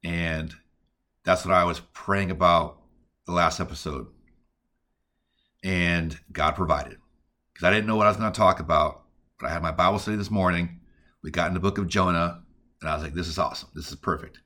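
A man's voice: low-pitched, fairly even intonation, normal speed, long pauses, pushed and bright. A man hosting a podcast, teaching casually and earnestly on prayer and reading scripture in a conversational way. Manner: earnest, conversational, with many "like" and "all right" fillers.

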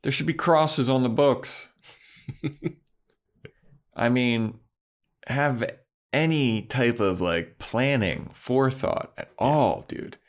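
A man co-hosting a podcast, casually recapping a TV episode in an animated way, laughing often and acting out the characters' lines. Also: medium pitch, takes it slowly, long pauses. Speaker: podcast co-host.

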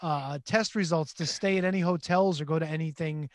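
A man co-hosting a casual wrestling podcast, profane and excitable. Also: a little high, brisk, no echo, studio quality. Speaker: podcast co-host.

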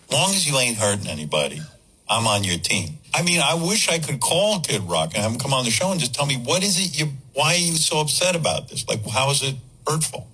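Blunt, bright-voiced male radio host. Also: medium pitch, breathy edge, low-quality recording. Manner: blunt, incredulous. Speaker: radio talk show host. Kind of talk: talk radio commentary.

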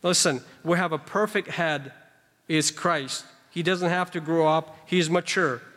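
Speaking a little slowly in a slightly high, somewhat bright voice with fairly even intonation, a man preaches on scripture verses. He explains them emphatically, with conversational asides to the congregation, and a large hall's long reverb surrounds the sound.

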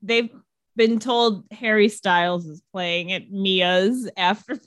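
A woman's voice: medium pitch, takes it slowly, no room sound, studio quality. A woman co-hosting a casual chat who laughs often and swears casually. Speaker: podcast co-host.

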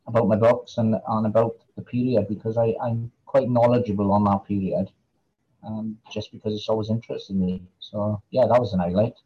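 A man's voice: fairly low pitch, dark tone, slightly rough, highs cut off. A man with a Welsh Valleys accent, an author answering interview questions in a hesitant way, with lots of fillers and repeated words. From Wales. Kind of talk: casual interview chat.

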